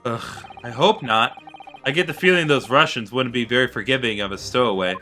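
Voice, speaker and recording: A woman's voice: very deep voice, a little fast, sharp tone, soft background music, voice pushed down. A woman voicing a nervous young male law student from a game, stammering anxiously.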